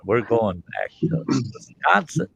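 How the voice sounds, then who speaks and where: In a folksy livestream chat, a middle-aged host rambles through colorful anecdotes and performs what people said. His medium-pitched voice is very animated, slow, gravelly, slightly rough and a bit bright. The audio is dull but echo-free.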